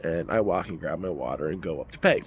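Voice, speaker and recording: A man's voice: deep voice, animated, quick pace, a little hiss or hum. A man telling a story as a casual rant in a vlog, emphatic and heated. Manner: ranting, emphatic. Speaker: vlogger.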